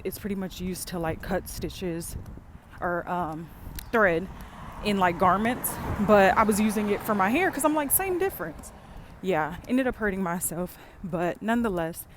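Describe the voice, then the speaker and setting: A woman's voice: medium pitch, slight background noise. A young woman, chatting casually to her viewers in a vlog. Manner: chatty, warm address to viewers with lots of y'all. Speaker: vlogger. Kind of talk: casual vlog chat to camera.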